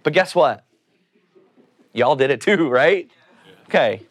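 A man with a fairly high pitch takes his time, preaching an informal sermon. Animated and jokey, he asks his listeners things directly and dramatizes the quoted voices.

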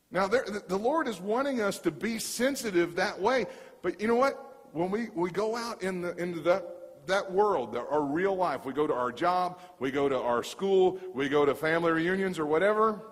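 Man, pastor preaching, animated storytelling, repeated words, slightly high voice, reverberant church hall. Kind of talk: sermon.

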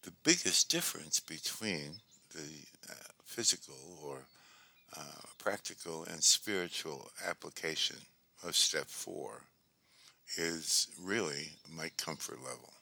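Guy talking slow and steady about recovery, low gravelly voice, lots of uh pauses. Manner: slow, measured, with pauses and fillers. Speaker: speaker on twelve-step recovery. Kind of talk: reflective talk.

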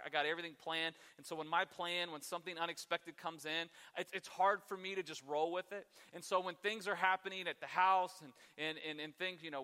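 Bright-voiced pastor preaching in a hall. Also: male voice, high voice, smooth. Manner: conversational, self-deprecating, acts out his own huffy grumbling. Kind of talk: sermon.

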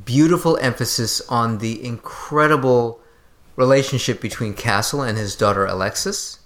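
A man co-hosting a casual chat about a TV episode, speaking in measured, drawn-out phrases. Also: mid-range voice, fairly bright tone. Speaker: podcast co-host.

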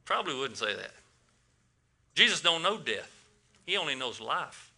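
A man's voice: on the high side, very animated, normal speed, sharp tone. A man preaching a casual sermon to a congregation, asking them questions and often repeating his words.

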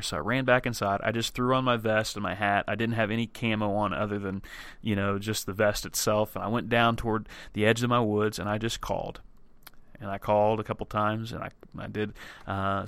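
A man's voice: lowish voice, gravelly, a bit bright, no room sound. A man hosting a podcast, telling a personal story in a chatty way and acting out his own thoughts as he goes. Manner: chatty, acts out his own thoughts in quotes, frequent restarts. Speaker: podcast host. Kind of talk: casual storytelling and show intro. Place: home or office.

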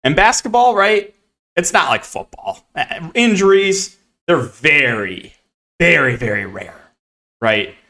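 A man's voice: expressive, takes it slowly. Sarcastic, exasperated man talking sports. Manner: sarcastic, exasperated, repeats "right?"; sudden swings between low mutters and loud outbursts. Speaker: fantasy sports podcast host. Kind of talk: casual solo commentary. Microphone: camera facing speaker.

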